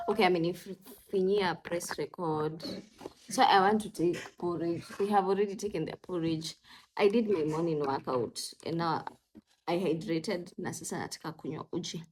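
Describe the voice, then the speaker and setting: A woman's voice: lowish voice, normal speed, darkish tone, a little hiss or hum. A young woman, chatting casually in a vlog as a mother, mixing English with Swahili and cooing at her toddlers. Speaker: parenting vlogger and mother.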